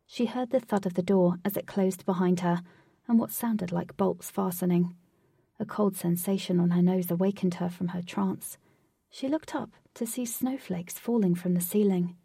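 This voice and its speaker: A woman reading a story chapter aloud in a steady narrating voice. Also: fairly low pitch, normal speed, vocal fry, slightly rough, no room sound, studio quality, recorded from a distance. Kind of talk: audiobook reading.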